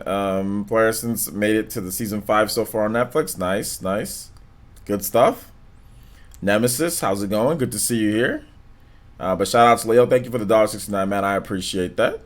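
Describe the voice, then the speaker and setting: Laid-back, monotone low-voiced man. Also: moderate pace. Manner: slangy, drawling filler words. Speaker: live stream host. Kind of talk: casual stream chat, reading donations and comments.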